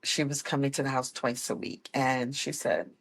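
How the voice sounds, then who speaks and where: A woman's voice: very deep voice, moderate pace, breathy edge. Woman telling her story with self-corrections. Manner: animated, acts out quoted people with voice changes; laughs often, corrects herself mid-sentence. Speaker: guest, autism mom. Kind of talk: casual personal storytelling.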